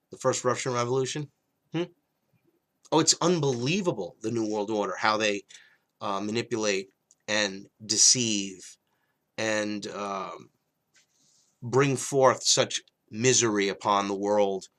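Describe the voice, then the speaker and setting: A man hosting a talk show, delivering a rambling monologue with a mocking edge, swinging between loud emphatic bursts and low mutters. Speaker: show host.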